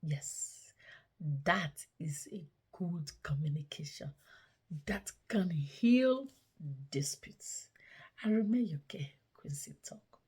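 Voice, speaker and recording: A woman hosting her own channel, giving casual relationship advice, often slipping into soft breathy half-whispers and repeating points slowly for emphasis. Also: fairly low pitch, lively intonation.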